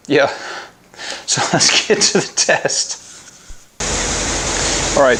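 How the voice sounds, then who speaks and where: A man's voice: medium pitch, background noise. Giggly casual man reviewing car products. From United States. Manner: giggly, keeps breaking into laughter; chatty and informal, addresses viewers as guys. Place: outdoors by a house and driveway.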